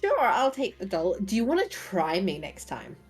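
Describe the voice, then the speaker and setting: Lively, animated woman at a game table. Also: mid-range voice, normal speed, loud music behind the voice. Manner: animated, swears freely. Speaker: player. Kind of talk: casual tabletop game play.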